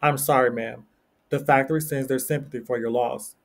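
A man's voice: medium pitch, steady tone, a little fast, vocal fry, lightly acted. A man reading the lines of a nervous factory messenger in a storybook, in his own plain voice.

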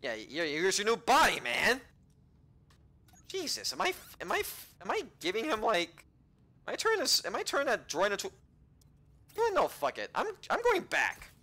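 A man giving casual let's-play commentary, rambling to himself with frequent restarts, swearing and sudden excited outbursts. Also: very high-pitched, normal speed.

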